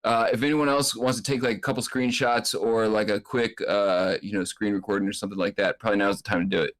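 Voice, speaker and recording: A man's voice: lowish voice, fairly even intonation, quick pace, a bit bright. A man hosting casually, joking and rambling with hesitant restarts. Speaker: host. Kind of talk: casual chat.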